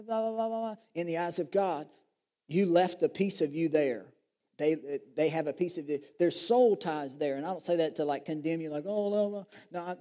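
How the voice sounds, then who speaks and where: An animated preacher, his voice sitting high for a man. He reads scripture aloud, then breaks off to joke with the congregation. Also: long reverb tail. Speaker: pastor. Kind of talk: sermon.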